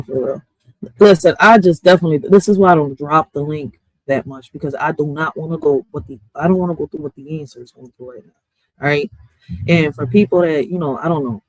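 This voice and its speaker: A woman's voice: low voice, darkish tone, dry recording, poor audio. A woman poet and streamer ranting casually on a live stream. She talks bluntly, swears freely and keeps breaking in with "listen" and "right?".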